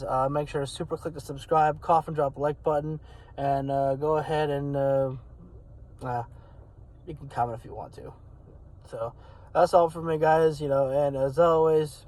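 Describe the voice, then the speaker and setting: A man chatting loosely to his viewers, full of ums and you-knows as he rambles along. His voice sits a bit on the high side and cracks a little. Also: darkish tone, rough recording. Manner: rambling, many fillers. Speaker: wrestling channel host. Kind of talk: casual talk to camera.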